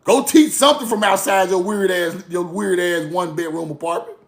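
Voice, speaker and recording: A man holds forth to his online audience in a high-pitched voice with a rough, gravelly edge. He is blunt and profane, mocks the people he is talking about, and circles back to the same lines again and again. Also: normal speed. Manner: blunt, profane, mocking, repetitive. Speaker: online commentator. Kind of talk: casual rant to camera.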